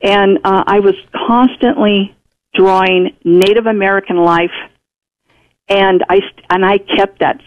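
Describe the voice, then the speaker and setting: Fairly even in intonation, medium in pitch and measured in pace, this radio guest chats through a personal story and voices what others said. The broadcast is muffled.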